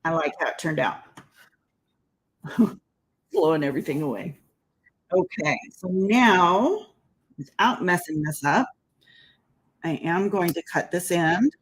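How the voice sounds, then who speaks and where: Chatty woman host demoing cards, easy slow pace, lively sing-song delivery. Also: lowish voice, slight background noise, rough recording. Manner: chatty, talks while working, laughs at own slips. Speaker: card-making demonstrator. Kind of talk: casual crafting tutorial.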